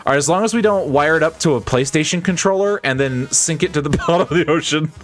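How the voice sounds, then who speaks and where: A man's voice: a little high, fast talker. A man streaming a game, reading its dialogue aloud and joking with his chat between lines in a playful, chuckling way.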